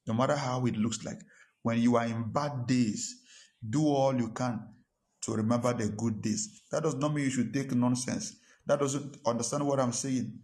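A man preaching from the pulpit with an emphatic, repeating delivery. His voice sits at an ordinary middle pitch as he tells a personal story and presses his lesson on the congregation. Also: fairly even intonation, normal speed, a little mellow. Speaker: pastor. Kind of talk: sermon.

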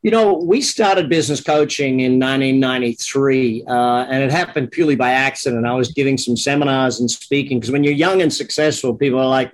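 A man's voice: medium pitch, brisk, few pauses. A middle-aged man with an Australian accent, a business coach guest telling his story in an interview. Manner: relaxed storytelling with fillers. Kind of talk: interview conversation.

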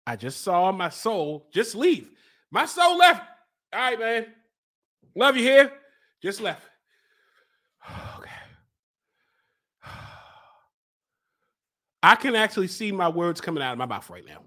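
A young man hosting his own show, joking and yelling while he sweats and burns from a hot pepper challenge. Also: sits high, wildly swooping pitch, slow pace, pauses often. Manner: loud, frantic and joking, yelling and sighing between lines. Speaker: podcast host and life coach. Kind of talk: live reaction during a spicy chip challenge.

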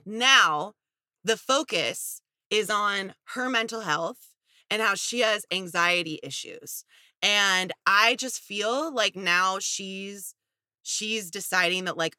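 Bright-voiced woman, animated and exasperated. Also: mid-range voice, slow pace, dry recording, studio quality. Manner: animated, exasperated, sarcastic storytelling. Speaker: podcast co-host. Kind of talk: casual chat recapping a reality show.

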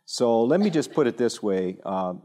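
A man giving an informal talk at a church evening, telling stories with self-deprecating humor and frequent halting restarts. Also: medium pitch, big pitch swings, dark tone. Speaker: speaker at a church teaching evening.

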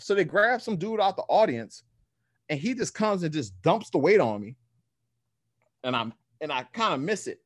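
A man telling a story in a casual, animated way, acting out other voices and using slang and swearing. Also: high voice, normal speed, breathy edge, no echo, studio quality. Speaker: guest powerlifter.

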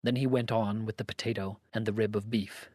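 A man's voice: on the low side, little pitch movement, brisk, dark tone, no echo. Man reading a story, dry studio sound. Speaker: narrator. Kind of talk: scripted narration of a story.

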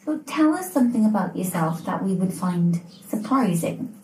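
Playful woman co-host, lively voice. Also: mid-range voice, normal speed, soft background music. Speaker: podcast co-host. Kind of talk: casual interview chat. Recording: roomy kitchen, distant mic, faint noise.

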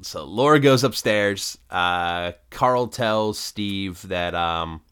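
A man's voice: low voice, takes it slowly, a bit bright, clean tone. A man co-hosting a podcast, casually retelling a plot with frequent ums and uhs. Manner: plot retelling with many fillers. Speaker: podcast co-host. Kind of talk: casual recap chat.

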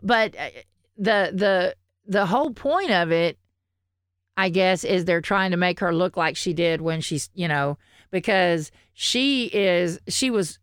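A woman's voice: fairly low pitch, slow pace, clear, resonant tone, no echo, studio quality. A woman with a Southern US accent co-hosting a podcast in casual, chatty talk, laughing often and swearing freely. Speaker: podcast co-host. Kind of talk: casual chat.

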